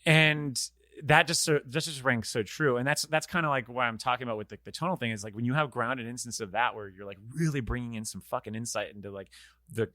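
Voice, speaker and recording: Bright-voiced man hosting a book podcast. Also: mid-range voice, fast talker, no room sound, studio quality. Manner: rambling, restarts, swears casually. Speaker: podcast host. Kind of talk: casual book discussion.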